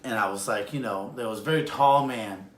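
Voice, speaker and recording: Man, storyteller, lively swings in pitch, echoey room, faint hiss. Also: a little fast. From Madison, Wisconsin area. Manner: animated, acts out quotes with big pitch jumps. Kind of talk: personal story told on video. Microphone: self-recorded video.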